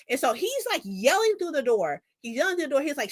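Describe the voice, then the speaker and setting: A young woman in her twenties telling a story in a casual vlog, animated and profane, laughing often. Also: sits high, fairly quick, few pauses. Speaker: vlogger.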